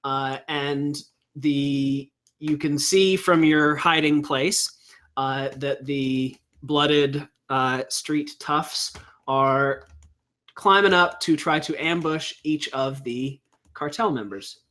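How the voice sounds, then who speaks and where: A man with a fairly high, bright voice narrates a tabletop role-playing session as game master. He takes his time, working out each scene slowly and thinking aloud as he goes. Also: fairly even intonation. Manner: halting, thinks aloud while describing scenes.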